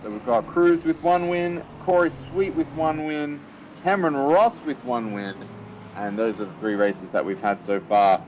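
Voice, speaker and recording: Male lead commentator, esports sim racing, energetic play-by-play, middle pitch, faint noise underneath. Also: normal speed, highs cut off. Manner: energetic play-by-play, rising excitement with fillers.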